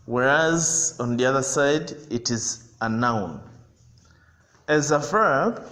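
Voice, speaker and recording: A man teaching a primary school English lesson, speaking deliberately and repeating words so pupils can hear how they sound. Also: mid-range voice, fairly bright tone, in a large hall. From Uganda.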